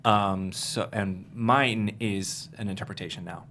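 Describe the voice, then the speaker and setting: A man in his thirties from Maryland talks about writing and casting his film in a relaxed studio interview. His voice sits on the low side and carries an earnest, animated storytelling energy. A faint hiss runs under the recording. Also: a little slow. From Maryland, USA. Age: 30s. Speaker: filmmaker, writer-director. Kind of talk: casual interview chat.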